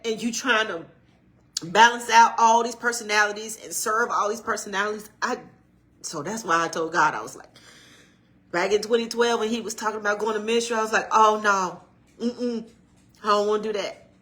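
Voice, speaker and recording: A middle-aged woman talks casually on a livestream. Her voice is bright and forceful, and she greets viewers by name. She slips into an encouraging, preacherly tone, like a minister talking to her community. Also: mid-range voice. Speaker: channel co-host and minister.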